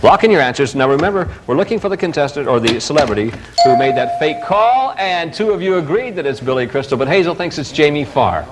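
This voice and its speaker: A man hosting a game show in a brisk, chatty announcer manner. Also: on the high side, expressive, crowd noise. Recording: noisy old TV studio recording. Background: studio audience.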